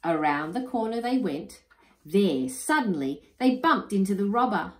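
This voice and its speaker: A woman reading a children's picture book aloud, expressive and unhurried. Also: mid-range voice. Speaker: storyteller. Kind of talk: children's story read-aloud. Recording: roomy echo.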